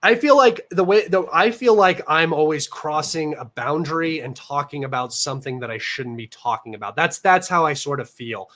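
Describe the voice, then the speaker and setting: A man's voice: on the high side, normal speed, few pauses, fairly bright tone. Chatty young American man, slightly nasal. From United States. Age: young adult. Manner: rambling, chatty, many fillers and restarts. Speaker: livestream host. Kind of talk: casual livestream chat. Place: his room at home.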